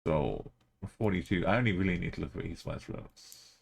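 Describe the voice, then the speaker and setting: Guy on a live game stream, deep creaky voice, mutters his thinking out loud and greets chat. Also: normal speed. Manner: thinking aloud, musing, chatting to viewers.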